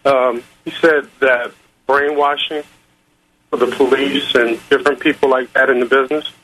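A man calling in to a talk radio show, speaking in a polite, hesitant and halting way. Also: mid-range voice, steady tone, sharp tone, low-quality recording. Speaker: caller. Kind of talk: phone-in call.

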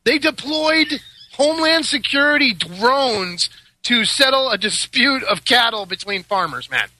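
A man's voice: very high-pitched, animated, measured pace, pushed and bright. A man hosting a casual talk show, telling stories with sarcastic asides and frequent laughs. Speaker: podcast host. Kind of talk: casual chat.

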